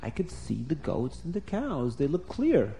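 A man's voice: a little high, wildly swooping pitch, a little slow, creaky, warm tone, exaggerated voice. A man voicing a poor, grieving man with aching eyes, wailing in a sing-song way. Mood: amazed.

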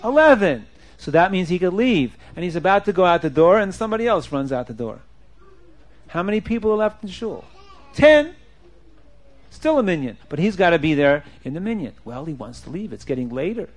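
A man teaching a group of boys through an animated story, jumping up and down in pitch and acting out the speakers he quotes. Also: quick pace. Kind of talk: storytelling lesson.

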